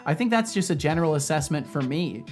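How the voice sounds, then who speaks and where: A man's voice: on the high side, animated, fast, a little mellow, soft background music. A man streaming as a game developer, chatting casually, rambling and laughing often as he reads chat aloud.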